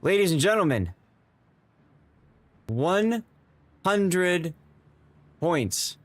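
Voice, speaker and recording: A man's voice: high voice, sing-song, drawn-out words, no echo. A man streaming live to his viewers, emotional and stammering, repeating himself as he thanks them. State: tearing up. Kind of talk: excited live-stream chat.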